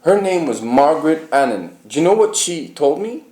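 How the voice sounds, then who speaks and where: A man's voice: on the high side, sing-song, normal speed, darkish tone, reverberant. A man from the United Kingdom telling his personal story in an interview, emphatic and profane, often asking the listener whether he is right.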